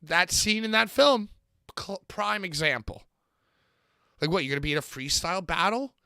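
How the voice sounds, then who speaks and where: Guy with a kinda high, gravelly voice rambling about wrestling, bright edge, fired up. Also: moderate pace, no room sound, studio quality. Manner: rambling, excitable, swears. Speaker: podcast co-host. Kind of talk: casual wrestling chat.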